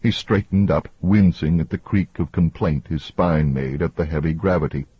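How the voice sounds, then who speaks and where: A man reads an audiobook in an even, measured way. His voice is very low and deeply husky, almost breathy. The recording is close and dry, with a slightly dull top end. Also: dry recording. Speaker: audiobook narrator. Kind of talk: scripted narration.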